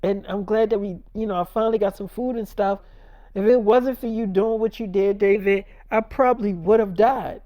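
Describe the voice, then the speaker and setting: A performer voicing a shaken, forgiving young wife in an improvised spoken story, rambling and halting with many fillers. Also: mid-range voice, steady tone, warm tone, no room sound, clean studio sound, natural voice.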